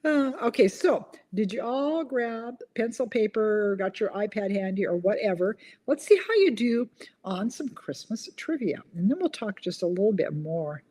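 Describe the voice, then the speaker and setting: Chatty woman with a lively voice. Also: medium pitch, normal speed. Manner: chatty, giggles at her own corny jokes. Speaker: host of a live online chat. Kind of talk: casual live-stream chat, reading viewer comments.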